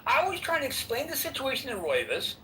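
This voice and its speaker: Indignant man with a lively, bright voice. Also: extremely high pitch, brisk, recorded from a distance, slight background noise. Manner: indignant, profane, demanding moderators. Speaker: voice chat room participant. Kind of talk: heated voice-chat argument. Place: online voice chat app.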